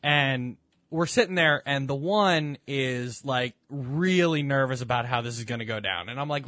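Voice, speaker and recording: A young man co-hosting a casual podcast chat, telling stories in an animated way and swearing freely. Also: medium pitch, normal speed, no room sound. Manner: animated storytelling, swears a lot. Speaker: podcast co-host.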